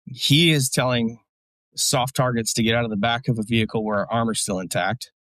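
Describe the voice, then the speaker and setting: A man's voice: mid-range voice, steady tone, a little fast, a bit bright, no room sound. A man, a military veteran guest, telling a story casually in a blunt, profane, rambling way with lots of fillers.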